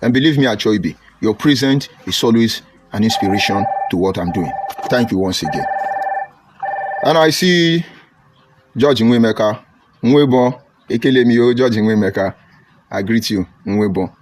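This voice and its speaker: A man with a Nigerian accent giving a combative, mocking political monologue on a live stream and greeting viewers by name. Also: medium pitch. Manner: combative, mocking, rising to loud outbursts.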